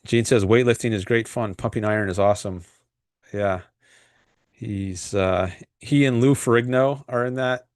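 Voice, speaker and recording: A man hosts his own livestream, talking in a loose, meandering way and reading viewer comments aloud. His voice sits on the low side and sounds dry and close, with no room around it. He hesitates often, filling gaps with "um" and restarting his sentences. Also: dry recording. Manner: rambling and hesitant, frequent fillers and restarts. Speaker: livestream host.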